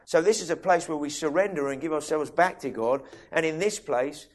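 A man preaching a sermon in a conversational way, restarting sentences and asking listeners questions. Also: fairly high pitch. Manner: conversational, with many quick restarts and asides to listeners.

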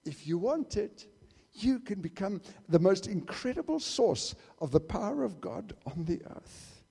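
A male preacher with a high yet mellow voice delivers a sermon, pressing his points hard and then dropping to a hush. His words ring out with a long reverberant tail, as though he is speaking in a church hall. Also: very animated, measured pace, gravelly, slightly rough. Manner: emphatic, swinging from loud to hushed.

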